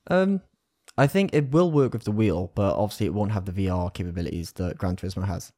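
A man with a low, dark, mellow voice chats loosely on a gaming podcast. His talk is relaxed and rambling, and the sound is dry and close. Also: fast, no echo. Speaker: podcast co-host. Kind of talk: casual gaming podcast chat.

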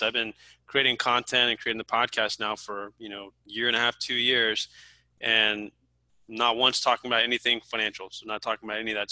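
A man's voice: medium pitch, bright, forceful tone, dry recording, rough recording. A man hosting a podcast, a financial advisor speaking earnestly in a casual interview.

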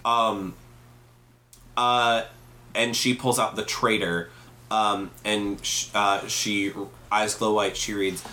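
Bright-voiced man running a tabletop game. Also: on the low side, fairly even intonation, slow, a little hiss or hum. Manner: hesitant, lots of ums, apologetic asides. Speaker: game master.

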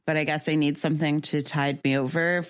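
A young woman talks in a relaxed, rambling way, piling up fillers and restarting her sentences as she co-hosts a podcast. Her voice sits a little low, and the sound is dry and close. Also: brisk, no room sound. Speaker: podcast co-host. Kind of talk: casual chat.

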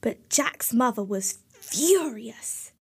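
A woman narrating a fairy tale in a slow, clear, expressive storybook style. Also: on the high side.

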